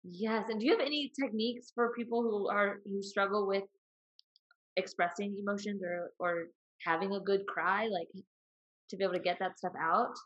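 A woman's voice: mid-range voice, fairly even intonation, moderate pace. Woman host on dull lo-fi audio. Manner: brief encouraging interjections and open questions. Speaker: interviewer host. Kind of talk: casual conversational interview.

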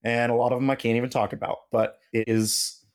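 A man, a podcast guest and machinist, telling stories in casual conversation and acting out quoted dialogue with lively shifts in his voice. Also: medium pitch, a little fast. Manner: animated, acts out quoted dialogue. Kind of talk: casual storytelling interview.

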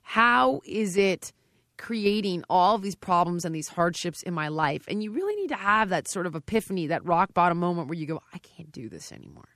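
A woman's voice: fairly low pitch, normal speed, no room sound, studio quality. A middle-aged woman, a fitness trainer, speaking emphatically and directly in a conversational interview. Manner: emphatic and direct, with animated quoted dialogue.

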